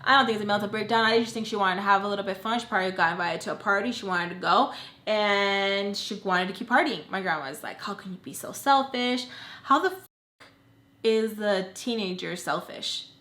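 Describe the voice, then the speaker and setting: A young woman vlogger telling a personal story in a casual, animated, blunt way, swearing freely. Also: mid-range voice, brisk. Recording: echoey room.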